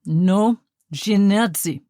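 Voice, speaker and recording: Audiobook role: a bitter Russian officer with broken, forceful speech and a heavy accent, voiced by a woman, low-set and dry. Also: takes it slowly, no room sound. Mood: sneering. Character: stern, bitter male Russian army officer.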